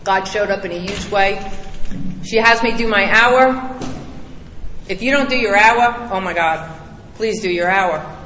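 Candid woman speaker, middle-aged, bright and emphatic, roomy hall sound, faint background hum. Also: mid-range voice, a little slow, long pauses. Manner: candid, emphatic, blunt storytelling. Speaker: recovery speaker. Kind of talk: personal recovery testimony. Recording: echoey hall, distant mic.

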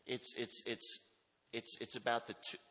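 A man's voice: mid-range voice, level tone, normal speed, sharp tone. A middle-aged man speaking candidly and earnestly to an audience in a large hall, telling his recovery story with frequent restarts. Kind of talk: personal recovery testimony. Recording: long hall reverb.

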